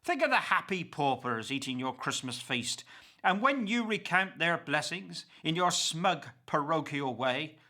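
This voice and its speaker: Man voicing an old pauper: bitter, accusing, very slow, a high and sharp voice. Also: expressive, full character voice. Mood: scornful. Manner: slow, declamatory and impassioned. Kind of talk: dramatic verse recitation.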